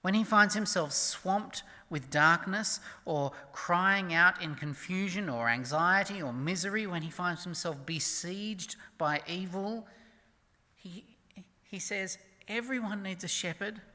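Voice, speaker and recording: A preacher speaks at an unhurried, deliberate pace with a bright, forceful tone. The delivery is emphatic, rising to strong declarations and then dropping to hushed near-whispers, and scripture is read slowly and softly. Long reverb hangs in the church. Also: medium pitch. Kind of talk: sermon.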